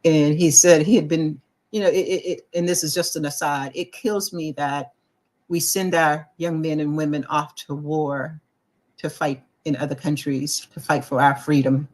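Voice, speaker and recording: During casual conversation on the talk show she co-hosts, a middle-aged woman tells a story about herself in a deep voice at a moderate pace. She brings quoted people to life with their voices and often begins sentences again.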